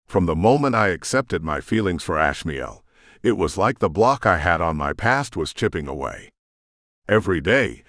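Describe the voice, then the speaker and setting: A man narrating an audiobook in first person, gruff and brooding. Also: low-pitched, fairly bright tone, dry recording, clean studio sound.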